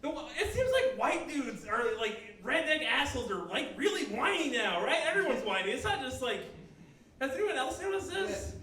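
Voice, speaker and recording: High, bright young comedian in an echoey room. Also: male voice, sing-song, normal speed, hardly any pauses. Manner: rambling, self-mocking, laughs at his own jokes. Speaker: stand-up comedian. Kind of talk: stand-up comedy set. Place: small coffeehouse. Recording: echoey room, mic far off.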